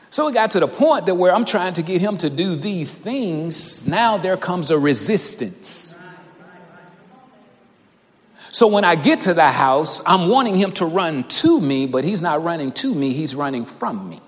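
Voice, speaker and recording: A man's voice: a little high, animated, moderate pace, in a large hall. A man in his thirties preaching a sermon, telling a personal story and building to fervent emphasis. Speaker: pastor.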